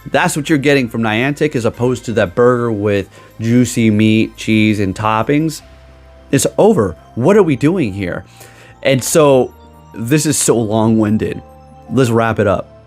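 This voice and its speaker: A young man ranting in a casual vlog, rambling and sarcastic, often restarting his sentences. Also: medium pitch. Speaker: gaming YouTuber. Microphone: desk microphone.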